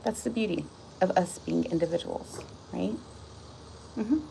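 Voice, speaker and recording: A woman's voice: fairly low pitch, measured pace, gravelly, a little hiss or hum, low-quality recording. A woman musing casually about her views, then reading a short devotional aloud, wandering and restarting as she goes. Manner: musing, meandering, with soft laughs and restarts. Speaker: vlogger sharing a devotional.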